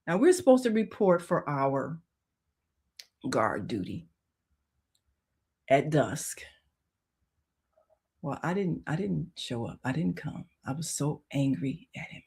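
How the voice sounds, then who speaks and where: Brief: female radio host, deep voice, heartfelt spiritual storytelling, shifts from hushed to loud. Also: expressive, a little slow, long pauses. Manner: emotional, swings from hushed to loud; conversational, many "you know" fillers. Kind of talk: personal storytelling on spiritual topics.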